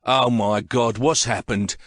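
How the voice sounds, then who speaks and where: Un uomo che fa un padre spaventato con la voce rotta. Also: male voice, mid-range voice, steady tone, slow pace, fairly bright tone, dry recording, clean studio sound. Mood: scared. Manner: choked, tearful. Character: frightened father choking up.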